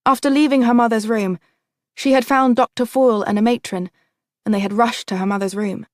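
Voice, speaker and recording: A woman reading an audiobook in a steady storytelling voice. Her voice sits a little high and sounds dry and close to the mic. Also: brisk, no room sound. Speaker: audiobook narrator. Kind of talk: scripted narration.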